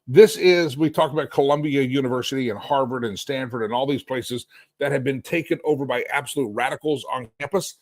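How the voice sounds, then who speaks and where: A middle-aged man hosting a live political talk stream from a hotel suite, sarcastic and animated, rambling and restarting as he goes. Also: mid-range voice, brisk, no room sound. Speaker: talk show host.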